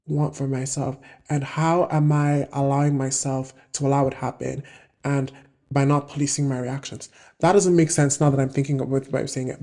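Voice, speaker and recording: A woman in her twenties hosting a self-help video, talking through her thoughts in a casual, reflective monologue and often pausing to search for words. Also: deep voice, dark tone. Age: 20s.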